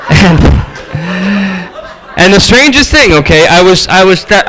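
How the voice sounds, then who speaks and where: A male preacher giving a storytelling sermon, animated and acting out the voices in his stories. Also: high-pitched, measured pace, long pauses, poor audio.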